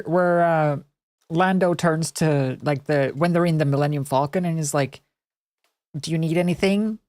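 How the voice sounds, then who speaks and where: A woman's voice: fairly low pitch, a little mellow, no echo. A young woman streaming, giving casual, rambling, sarcastic commentary.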